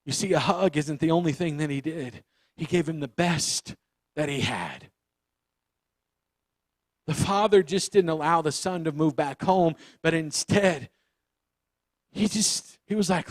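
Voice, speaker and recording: A man preaching a youth sermon, animated and acting out the voices of the story. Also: a little high, measured pace, long pauses, dry recording. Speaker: youth pastor.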